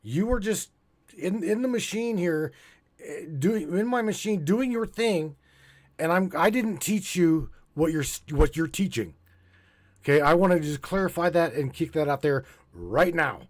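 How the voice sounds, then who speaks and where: A man hosting a casual live stream, halting and stammering, restarting his sentences often. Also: on the high side, lively intonation. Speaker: podcast host.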